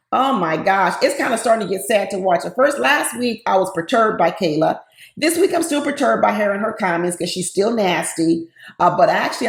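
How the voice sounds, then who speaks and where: A woman's voice: medium pitch, vocal fry. Chatty opinionated woman in an echoey room. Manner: chatty and opinionated, with many fillers; laughs between her comments. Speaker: reality TV recap commentator. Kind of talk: casual recap commentary.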